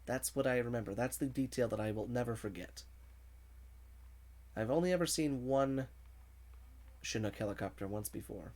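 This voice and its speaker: A man's voice: mid-range voice, normal speed, long pauses, darkish tone. A man streaming a video game, chatting casually, reading viewer messages aloud and laughing often. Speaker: gaming streamer. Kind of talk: casual livestream commentary.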